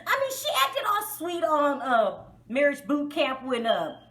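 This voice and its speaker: A woman vlogger talks in a high, bright voice that swoops up and down as she reviews a show. She is outspoken and exasperated, breaking into frequent laughter, and her delivery is loose, conversational and full of energy. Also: wildly swooping pitch, measured pace. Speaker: reality TV reviewer, vlog host. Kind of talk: casual spoken show review.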